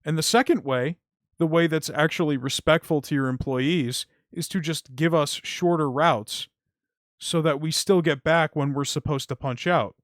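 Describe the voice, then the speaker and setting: Young guy ranting on stream, kinda high voice, cursing a lot, dry mic. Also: moderate pace, no room sound. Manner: heated, swearing, frustrated venting. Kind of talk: casual stream rant.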